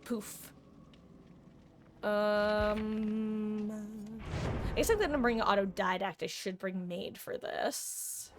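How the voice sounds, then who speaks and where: Woman streamer, mid-pitched, chats loosely and thinks aloud mid-game, faint hum behind her. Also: slow pace, pauses often. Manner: rambling, chatty asides to chat, thinking aloud. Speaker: livestreamer. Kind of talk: casual live gameplay commentary.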